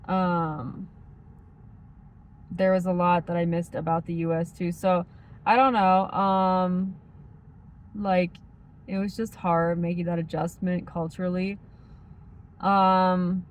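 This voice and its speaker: A woman with a faint Midwestern accent chatting casually as a vlogger, rambling and filling every pause with "like" and "um". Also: fairly low pitch, little pitch movement. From United States. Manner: rambling, heavy use of like and um. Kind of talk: casual chat.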